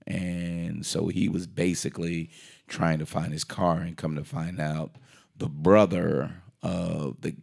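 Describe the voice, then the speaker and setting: A man with a deep, gravelly voice recaps a film's plot in casual conversation, rambling and animated. He keeps slipping into quick acted voices to quote characters and often restarts his sentences.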